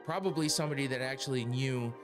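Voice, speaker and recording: A man's voice: mid-range voice, quick pace, over music. A middle-aged man hosting a podcast, ranting heatedly and swearing a lot, with frequent laughs. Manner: profane, heated, laughs often. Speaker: podcast host. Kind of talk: casual opinion rant.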